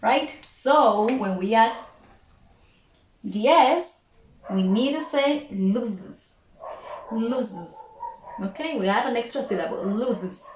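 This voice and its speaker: A woman teaching English pronunciation, repeating each word and sound slowly and carefully. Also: a little high. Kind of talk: pronunciation lesson. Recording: echoey room, faint noise.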